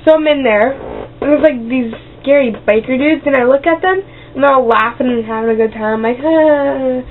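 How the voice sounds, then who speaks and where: A woman's voice: high-pitched, brisk. A woman telling rambling, silly stories as a vlogger, bouncing between tangents and throwing in sound effects and goofy voices. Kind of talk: rambling comic storytelling. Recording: tinny lo-fi webcam audio with faint hiss.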